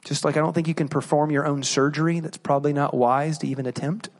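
A man's voice: on the high side, fairly even intonation, fast. A man preaching a sermon, asking rhetorical questions and acting out inner voices. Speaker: pastor.

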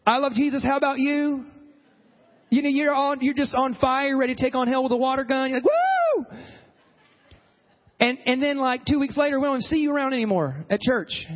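A man preaching a sermon as pastor, animated, acting out quoted voices and calling for amens. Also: extremely high pitch, fast talker, hardly any pauses, long reverb tail, highs cut off.

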